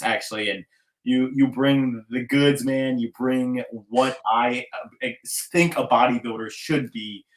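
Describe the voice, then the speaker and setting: A man's voice: medium pitch, slight background noise, poor audio. A man hosting a casual interview podcast, enthusiastic and chummy, calling his guest "man". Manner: enthusiastic, bro-ish, calls guest "man". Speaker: podcast host.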